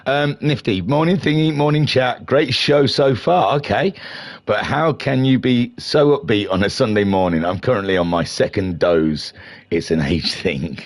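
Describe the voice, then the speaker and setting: Speaking at a moderate pace in a fairly low voice, a middle-aged man hosts a racing league live stream. His race commentary is casual and chatty, with a self-mocking, somewhat flustered edge.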